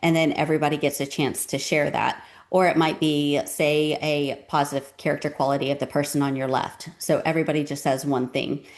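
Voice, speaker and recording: Woman, low voice, parenting advice, relaxed chatty delivery, casual talk to camera. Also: a little fast. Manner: relaxed and conversational, with frequent "um" and "you know".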